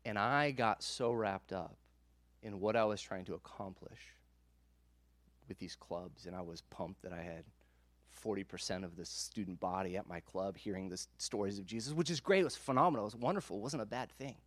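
A man in his thirties giving a conversational sermon as a pastor, moving between hushed, slow passages and emphatic ones. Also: lowish voice, dry recording.

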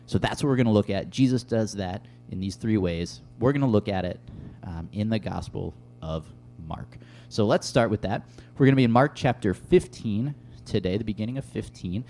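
A man's voice: lowish voice, a little mellow. A man preaching a casual, conversational sermon to a room, with frequent fillers. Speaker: pastor. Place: room with tables and an audience.

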